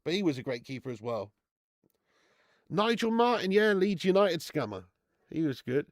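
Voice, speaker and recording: A middle-aged man, chatting excitably through a live football watch-along, swearing and bantering with his viewers. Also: on the high side, moderate pace, no echo, clean studio sound.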